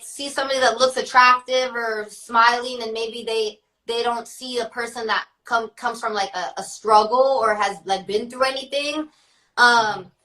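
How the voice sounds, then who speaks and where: Bright, chatty young woman, slightly off-mic. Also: fairly high pitch, recorded from a distance, poor audio. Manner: chatty, laughing, filler-heavy. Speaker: guest, rapper. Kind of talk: casual interview chat.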